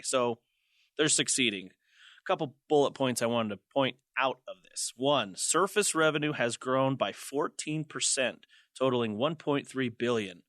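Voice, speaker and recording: A man's voice: fairly bright tone, dry recording, studio quality. Jokey young man hosting a podcast. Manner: jokey, laughs often, goofy high squeals. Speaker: podcast host. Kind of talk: casual tech podcast chat.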